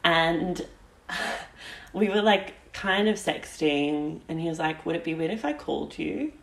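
A young woman co-hosting a podcast, telling candid dating stories in animated, filler-heavy casual chat. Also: deep voice, unhurried, vocal fry. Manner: candid, animated storytelling with many "like"s. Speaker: podcast co-host.

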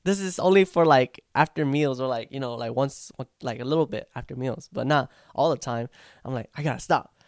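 A man's voice: mid-range voice, fairly quick, no room sound, clean studio sound. A young man talking casually about practicing his song, rambling and reflective, with lots of fillers and restarts. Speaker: vlogger recording his own song. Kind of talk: casual vlog talk.

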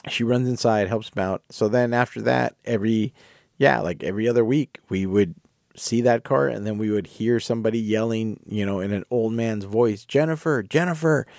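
With a lowish, creaky voice and a moderate pace, this podcast host rambles through an animated anecdote, stopping to fix his own details. The recording is dry, clean studio audio.

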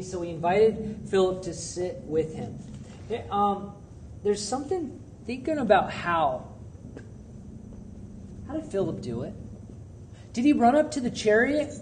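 A man's voice: high voice, very animated, unhurried, pauses often, darkish tone. A man preaching a youth sermon in a conversational, earnest way, repeating phrases for emphasis. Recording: distant mic with faint background noise.

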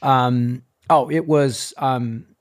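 A man's voice: medium pitch, steady tone, extremely slow. A man hosting a podcast in casual chat, jumping in eagerly and swearing offhandedly. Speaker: podcast host.

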